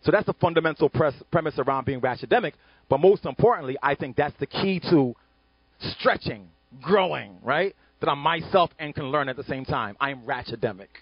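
Husky animated male panelist. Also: on the high side, a little fast, no room sound, dull audio. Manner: animated, emphatic, repeats "right?". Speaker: panelist and author. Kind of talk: panel discussion talk.

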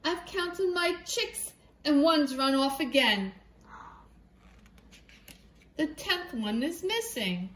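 A woman voicing a panicky mother hen in a children's storybook reading, in a squawking, high-pitched way. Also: animated, slow, long pauses, fairly bright tone, a little hiss or hum, full character voice. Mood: worried. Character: frantic clucking mother hen. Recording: echoey room.

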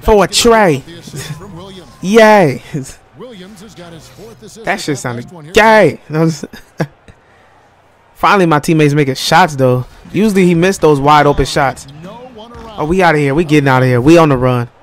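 A young man with a slightly higher voice gives loose, playful commentary over a basketball video game. He trash-talks the other team and laughs often. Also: measured pace, pauses often. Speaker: gaming commentator. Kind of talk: casual gameplay commentary.

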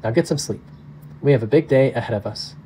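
A man reads as a loving father who speaks softly and tenderly to his children. The voice is mellow and warm in tone. It sounds like a storybook read aloud. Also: medium pitch, fast, slight background noise, close to an everyday voice, rough recording. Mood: soothing. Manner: soft, tender and reassuring.

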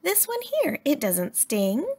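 A woman voicing a patient, kindly female schoolteacher who speaks clearly, as if explaining a lesson. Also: high voice, huge pitch swings, slow pace, a little mellow, exaggerated voice. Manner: clear and instructive.

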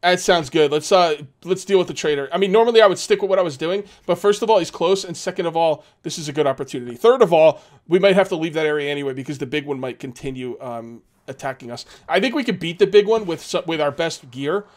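Man, let's play host, casual commentary, rambling, filler-heavy, somewhat high pitch. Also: lively intonation, fast, hardly any pauses.

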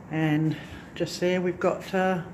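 There's a noisy background behind this woman's lowish voice. A craft-focused vlogger, she walks through her farm lodge unit indoors and out onto the back porch with a handheld phone, chatting casually, rambling, and correcting herself.

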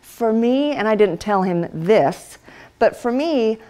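A middle-aged woman giving a Bible teaching talk to women, telling stories and acting out voices with lively energy. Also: on the high side, takes it slowly. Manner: animated storyteller, acts out voices. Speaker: women's ministry speaker. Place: church hall.

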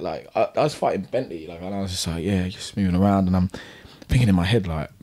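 A man's voice: deep voice, rapid-fire, hardly any pauses. A man, a boxer guest on a podcast, telling stories in casual chat and acting out his own thoughts. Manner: animated storyteller, acts out his own thoughts.

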